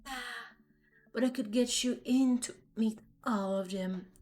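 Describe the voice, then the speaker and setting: A woman reading a deadpan dog-shelter lady. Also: fairly high pitch, slow, faint music behind. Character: dry middle-aged woman, dog shelter volunteer.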